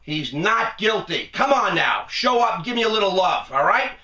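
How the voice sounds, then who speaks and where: A man rants sarcastically in a high, gravelly voice with a bright, tense edge. He talks animatedly and breaks into laughs. He is recorded in an echoey room, a little way from the mic. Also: sing-song, moderate pace, far from the mic. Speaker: host of a commentary video. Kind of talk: ranting commentary.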